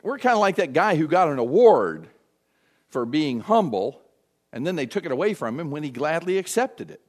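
A man's voice: fairly high pitch, moderate pace. A man preaching a sermon, acting out the voices of the people he quotes. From United States. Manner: animated, acts out quoted voices. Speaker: pastor.

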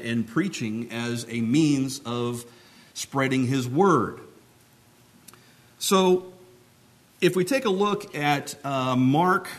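Male preacher, mid-range voice, plain conversational teaching tone, talks with his hands. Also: medium pitch. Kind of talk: teaching sermon.

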